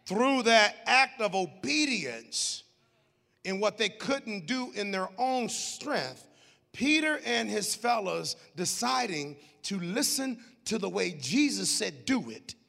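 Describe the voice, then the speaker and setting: A man preaching a sermon as pastor, joking with the congregation in laughing asides and building to shouted preaching. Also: high voice, sing-song, takes it slowly, gravelly, long reverb tail. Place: church sanctuary.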